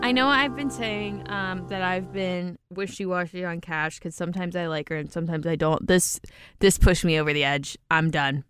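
A woman's voice: fairly low pitch, little pitch movement, moderate pace, clean tone, faint music behind. A woman co-hosting a casual reality show recap podcast, blunt and swearing freely. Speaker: podcast co-host.

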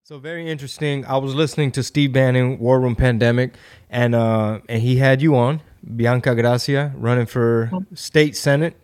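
A man hosting a podcast, talking in a relaxed, chatty way with plenty of fillers. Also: medium pitch, normal speed, clean tone. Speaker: podcast host. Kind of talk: casual chat.

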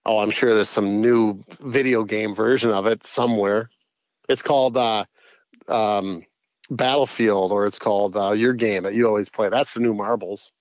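Middle aged dude cohosting a podcast, rambly and playful, kinda dull lo-fi sound. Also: male voice, fairly low pitch, fairly even intonation, normal speed, dry recording. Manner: rambling, playful, does auctioneer patter. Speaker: podcast co-host. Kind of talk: casual comedic chat. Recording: slightly dull, dry sound.

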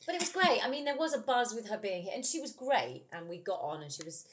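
Chatty British actress. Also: female voice, on the high side, quick pace. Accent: British English. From England. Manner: chatty, animated, laughs often. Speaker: musical theatre actress, guest. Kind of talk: casual interview chat.

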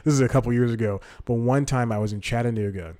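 A man's voice: mid-range voice, fast talker, dark tone. Young man, podcast host, casual solo storytelling, rambling, self-correcting, chuckles mid-sentence.

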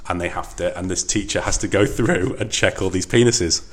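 A man with a low, deep voice talks casually as a podcast co-host. He laughs often and slips into lively retellings of film scenes. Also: a little fast. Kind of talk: casual chat.

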